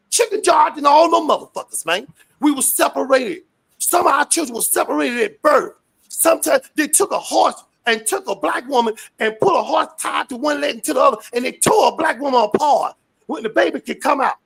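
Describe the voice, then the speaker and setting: A man from the United States giving a fiery, profane rant in a street interview, often shouting. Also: very high voice, fairly quick, gravelly.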